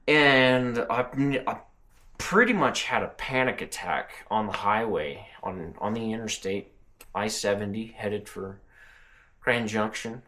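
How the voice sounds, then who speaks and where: A man's voice: lowish voice, fairly bright tone. A man telling a personal spiritual testimony in an earnest, emotional way, often restarting his sentences. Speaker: channel host and truck driver.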